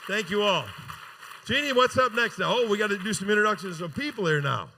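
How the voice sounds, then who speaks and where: A man's voice: high voice, lively intonation, quick pace, bright, forceful tone. A man working as a charity auctioneer at a gala, calling bids live into a handheld mic and coaxing bidders with joking banter. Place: large gala event room.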